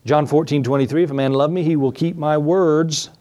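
A man's voice: steady tone, brisk, a little mellow. A man preaching a sermon as a Bible teacher. He reads scripture aloud, asks his listeners questions and drives his points home with emphasis. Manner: emphatic exhortation, pitch jumps up on key points.

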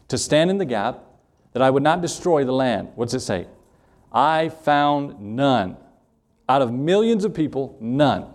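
A man's voice: mid-range voice, a little mellow. A man preaching a sermon as pastor, stressing words and acting out short quoted prayers. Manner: preaching with rising emphasis and acted-out quotes.

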